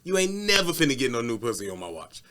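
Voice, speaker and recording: Bright-voiced man telling a story casually. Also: mid-range voice, fast. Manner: animated storytelling, acts out voices with cursing. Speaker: podcast co-host. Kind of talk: casual chat.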